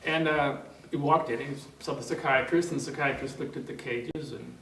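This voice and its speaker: An NLP trainer in a training room tells an anecdote to a seminar in a mid-range, fairly bright voice, with fairly even intonation and a moderate pace. He rambles, chuckles as he tells the story, and fills it with fillers and restarts. The mic is distant in a roomy hall, with faint background noise.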